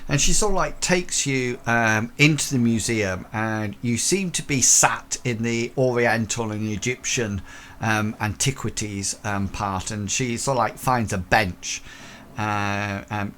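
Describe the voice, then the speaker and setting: Male game master, rambling and halting, faint background hum. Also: on the low side, a bit bright. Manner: rambling, many fillers and restarts. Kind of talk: narrating a tabletop horror game.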